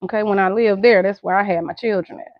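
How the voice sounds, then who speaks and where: A woman's voice: medium pitch, steady tone, fast talker, no echo. Chatty middle-aged Southern woman vlogger. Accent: Southern American. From United States. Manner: chatty, laughs often, addresses viewers directly. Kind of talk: casual chat to camera. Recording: dull lo-fi sound.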